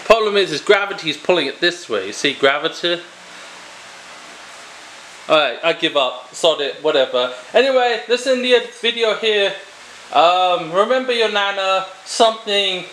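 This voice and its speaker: A man's voice: high-pitched, lively intonation, normal speed, fairly bright tone, slight background noise, poor audio. A young man with a British accent reviewing a pen on his channel, rambling off into joking asides. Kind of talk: casual product review.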